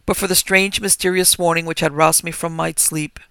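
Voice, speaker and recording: A man narrates a story in a steady, measured voice with a gravelly texture, sitting slightly high in pitch. The sound is dry and close, with no room around it. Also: dry recording. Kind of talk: reading a story aloud.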